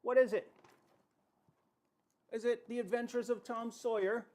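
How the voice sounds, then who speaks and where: Man, high voice, pointed rhetorical questions, argumentative. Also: steady tone, a little slow, a little mellow. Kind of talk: argumentative video commentary.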